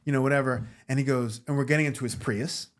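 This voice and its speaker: Animated man telling a story. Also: mid-range voice, fast. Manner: animated, acts out voices in anecdotes. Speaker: guest actor. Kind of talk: casual storytelling interview.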